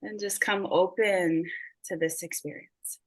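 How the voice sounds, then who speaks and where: A woman's voice: on the low side, fairly even intonation, a little slow, poor audio. A woman working as a psychic medium in a reading session, bubbly and gushing, full of filler words.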